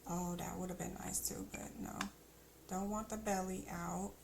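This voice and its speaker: A woman's voice: on the low side, flat delivery, moderate pace, creaky, background noise. A woman streamer chatting casually as she plays, thinking aloud with teasing asides. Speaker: game streamer. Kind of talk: casual gameplay commentary.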